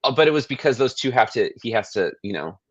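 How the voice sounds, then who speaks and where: A man co-hosting a podcast in casual chat, rambling and animated, often restarting sentences and swearing. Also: medium pitch, fast talker, slightly rough, no echo, lo-fi sound. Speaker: podcast co-host.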